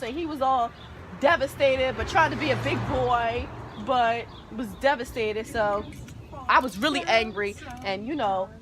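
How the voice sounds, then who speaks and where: A woman telling a story on her vlog, animated and dramatic, acting out loud quotes. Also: a little high, slight background noise. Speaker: vlogger.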